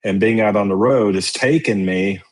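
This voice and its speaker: A man's voice: on the low side, moderate pace. A man, a podcast guest telling long stories about sausage-making in a casual, rambling way with plenty of fillers. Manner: rambling storyteller, lots of fillers. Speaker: guest, sausage maker and teacher.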